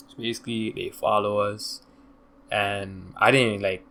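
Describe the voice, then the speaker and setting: A man's voice: low voice, fairly even intonation, brisk, a bit bright. Rambling young man telling a story. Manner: loose, slangy, rambling with filler "da, da, da". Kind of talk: casual storytime monologue.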